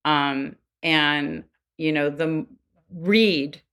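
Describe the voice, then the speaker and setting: A woman's voice: low-pitched, fairly even intonation, extremely slow, fairly bright tone, clean tone. A woman guest on a podcast interview, explaining earnestly and acting out quoted voices now and then. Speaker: guest expert on child development.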